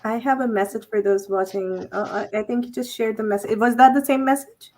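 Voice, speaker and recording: A woman hosting a livestream panel chat, speaking hesitantly with frequent pauses and fillers. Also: fairly high pitch, steady tone, a little mellow. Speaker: host.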